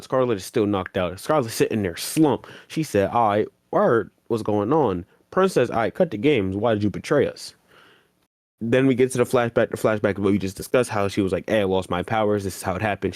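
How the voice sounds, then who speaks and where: A man's voice: on the low side, brisk, no echo, clean studio sound. Slangy man animatedly recapping anime. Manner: animated retelling, acting out characters' lines in slangy voices. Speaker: podcast co-host. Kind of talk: casual anime recap chat.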